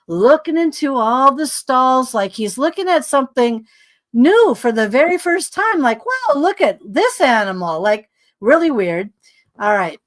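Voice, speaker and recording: A woman guest telling a story in casual conversation, acting out dialogue with lots of fillers and sounding tired. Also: fairly high pitch. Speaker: podcast guest.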